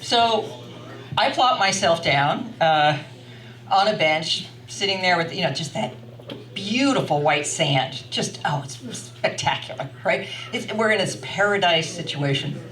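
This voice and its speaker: An older woman telling a story live to an audience at a wine bar, animated and chatty, laughing often as she talks. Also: lowish voice, unhurried, a little hiss or hum. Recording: roomy sound from a distant mic.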